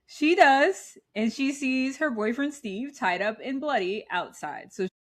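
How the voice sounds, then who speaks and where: A woman's voice: high-pitched, measured pace. A woman in her thirties co-hosting a podcast, animatedly recapping a movie in casual chat and laughing often. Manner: animated, laughing, retells scenes. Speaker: podcast co-host.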